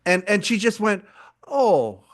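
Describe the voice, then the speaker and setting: A man hosting a podcast in casual chat, telling stories with animation and stumbling over repeated words when excited. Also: fairly high pitch, a little fast. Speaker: podcast host.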